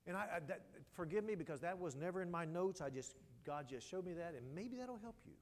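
A male pastor preaching a sermon, telling a story with passion and dropping from loud to hushed. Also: high voice, expressive, a little fast, few pauses. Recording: long hall reverb.

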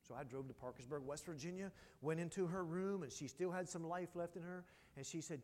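A male pastor preaching a sermon, telling a story with passion and dropping from loud to hushed. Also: a little high, fairly quick, hardly any pauses. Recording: long hall reverb.

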